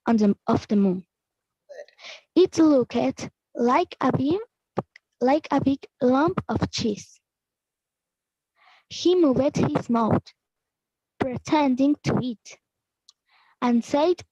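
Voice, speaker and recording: A woman student reads a story aloud in a high, husky voice, going slowly and fixing her own slips. The sound is dry and dull, like a lo-fi online class. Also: animated, mellow, no echo. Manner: slow, careful reading with self-corrections.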